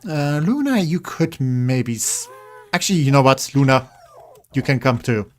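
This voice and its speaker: This man's medium-pitched voice is animated and moves at a normal speed. He's streaming a building game, rambling through casual commentary as he urges his in-game pets along.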